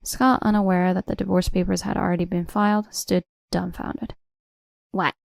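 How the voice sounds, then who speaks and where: A woman narrating a first-person revenge drama story in a steady, cold storytelling voice. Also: fairly low pitch, normal speed, vocal fry, no echo, studio quality.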